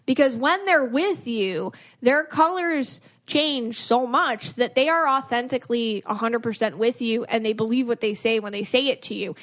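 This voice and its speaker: A woman's voice: on the high side, normal speed, hardly any pauses, fairly bright tone. A woman hosting a podcast and reading auras, chatting casually, laughing often and acting out quoted voices. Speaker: podcast host, aura reader.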